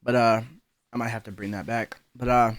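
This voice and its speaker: A man's voice: mid-range voice, little pitch movement, a little fast, dry recording. A man giving casual reaction commentary, heated and profane, openly disbelieving what he hears.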